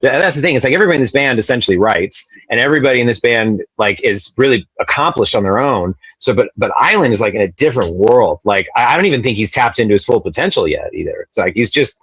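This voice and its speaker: A musician in a casual interview, talking in a loose, rambling way. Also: male voice, mid-range voice, lively intonation, quick pace, hardly any pauses, a bit bright, husky, no echo. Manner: loose, rambling, many fillers like "like".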